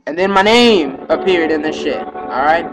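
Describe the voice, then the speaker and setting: A man's voice: on the high side, animated, normal speed, poor audio. A man telling a rambling, profane, agitated story in a casual vlog monologue.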